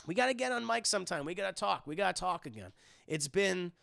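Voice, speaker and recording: A man's voice: sits high, vocal fry, no echo, clean studio sound. A man hosting a livestream, chatting casually with his viewers and swearing freely as he goes. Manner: animated, swears freely, quick asides to chat. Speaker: livestream host.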